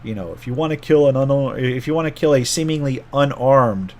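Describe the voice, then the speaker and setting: A man's voice: mid-range voice, brisk. A middle-aged man, a game master, casually telling a rambling story from an old tabletop game and often correcting himself as he goes.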